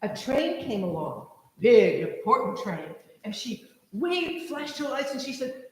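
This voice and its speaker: A woman telling an expressive children's story during a church service, leading the listeners along. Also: fairly high pitch, unhurried, slight background noise. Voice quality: animated, expressive. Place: large church sanctuary. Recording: echoey church hall.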